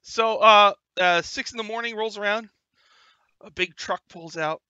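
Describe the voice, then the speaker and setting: Animated, high-pitched game master, bright sound. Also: male voice, smooth, no echo, dull audio. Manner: laughs a lot, animated, quick to put on character lines. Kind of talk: running a tabletop game over voice chat.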